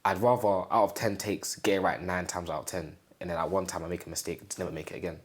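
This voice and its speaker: Young man, deep voice, halting and repetitive, relaxed personal storytelling for an interview. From England. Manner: halting, repeats phrases, acts out quoted family speech.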